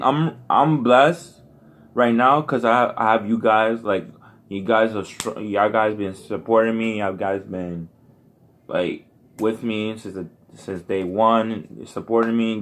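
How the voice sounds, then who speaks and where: A young man with a fairly low voice talks loosely to his viewers as a reaction vlog host. He rambles, circles back to the same points and leans on casual slang. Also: fairly bright tone. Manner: rambling, repetitive slang, restarts.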